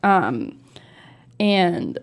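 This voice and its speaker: A young woman co-hosting a casual chat about what scares her. She talks in an animated, slightly anxious way and fills the gaps with "like" and "you know". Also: fairly low pitch, very slow, gravelly. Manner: animated, easily spooked, frequent fillers. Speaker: co-host.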